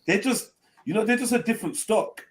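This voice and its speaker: A man's voice: high voice, brisk. Laid-back slangy man from London. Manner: laid-back, slangy, swears freely, rambling. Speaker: host of a live panel stream. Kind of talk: casual chat.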